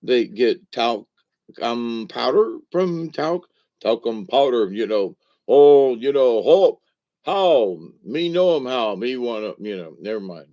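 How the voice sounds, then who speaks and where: A man's voice: medium pitch, lively intonation, slow pace, dark tone. A man, talking in a folksy, meandering monologue that wanders between topics. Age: 60s. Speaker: vlogger. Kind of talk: rambling casual monologue. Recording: dull lo-fi recording.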